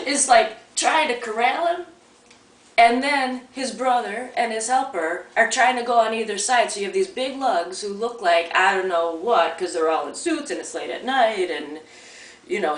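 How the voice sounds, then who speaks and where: Woman, casual storytelling, rambling and chatty, distant mic, echoey room at home. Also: medium pitch. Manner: chatty, rambling, with many restarts. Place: at home, near a coffee maker. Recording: roomy sound from a distant mic.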